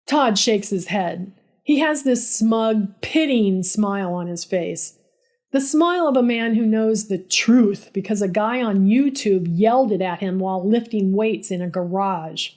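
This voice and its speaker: Slow, dry-voiced woman telling a story. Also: mid-range voice, a little mellow. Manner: dry, sarcastic and exasperated. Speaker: nurse. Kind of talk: first-person storytelling narration.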